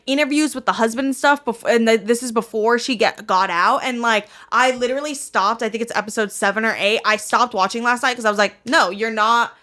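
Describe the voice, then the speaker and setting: Young female co-host, high bright voice, blunt casual talk. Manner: laughs often, blunt and profane. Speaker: podcast co-host. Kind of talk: casual chat.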